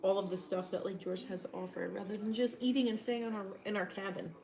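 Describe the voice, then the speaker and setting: A woman's voice: mid-range voice, little pitch movement, quick pace, gravelly, darkish tone. A young woman chatting casually with her partner on a live stream, teasing him and laughing easily. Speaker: co-host, partner.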